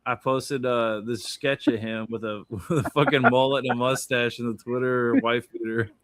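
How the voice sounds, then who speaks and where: A man's voice: mid-range voice, fairly even intonation, normal speed, fairly bright tone. A man casually chatting about his drawings on a stream, laid-back and swearing freely as he explains his art. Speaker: artist showing his drawings. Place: indoor studio with his art panels behind.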